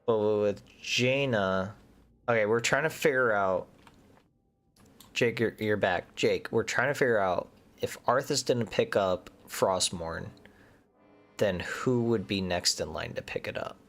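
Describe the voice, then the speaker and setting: A man's voice: lowish voice, a little slow, fairly bright tone, faint music behind. A man giving casual commentary as he plays a game, chatting and thinking aloud, sometimes muttering nervously under his breath. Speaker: gaming streamer.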